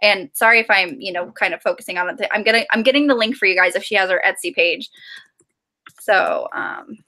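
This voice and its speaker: A woman's voice: mid-range voice, a little fast, pushed and bright. A woman co-hosting a writing live stream, chatting casually and reading out viewer comments with lots of fillers.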